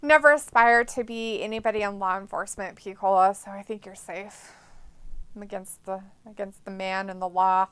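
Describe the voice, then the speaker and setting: A woman's voice: medium pitch, fairly even intonation, moderate pace, fairly bright tone, smooth, no room sound. A woman co-hosting a live watch-along stream, chatting casually with playful sarcasm and reading viewer messages aloud. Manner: playful, sarcastic, mock voices for chat messages, frequent laughs.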